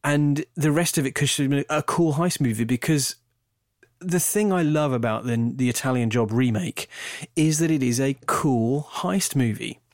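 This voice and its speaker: A British man talking about films in a casual chat, animated and rambling, often breaking off mid-sentence. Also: medium pitch, moderate pace, no echo, clean studio sound. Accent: British English. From Britain. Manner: animated, rambling, self-interrupting. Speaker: film podcast co-host.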